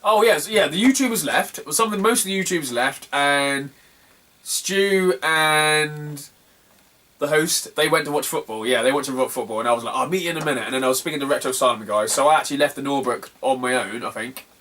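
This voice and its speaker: A young man who makes retro gaming videos on YouTube tells stories to camera in a rambling, sweary style, often cracking up with laughter. His voice is on the high side, a little fast and sharp in tone.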